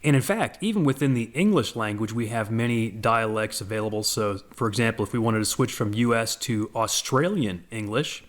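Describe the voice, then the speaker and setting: A man walking through a software demo as a voice-over for a screen recording, in a relaxed, conversational way with frequent asides. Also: lowish voice, moderate pace, hardly any pauses. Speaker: software presenter.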